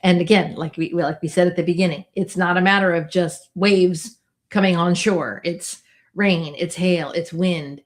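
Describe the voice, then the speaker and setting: A woman in her fifties co-hosting a casual real estate chat, chatty and animated, laughing often. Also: fairly low pitch, moderate pace. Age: 50s. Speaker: realtor podcast co-host.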